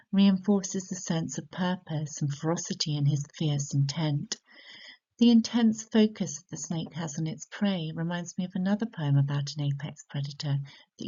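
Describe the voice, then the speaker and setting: Low, mellow British woman tutor. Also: dull audio. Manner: measured, careful explanatory delivery, slowing on key words. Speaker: literature tutor. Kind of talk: recorded poetry analysis lesson.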